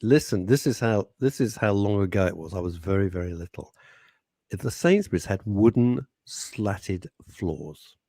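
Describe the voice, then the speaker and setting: Male radio co-host, older, low voice with swooping intonation, teasing banter. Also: animated, normal speed, mellow, no room sound. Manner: teasing, reads out listener messages. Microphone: studio microphone.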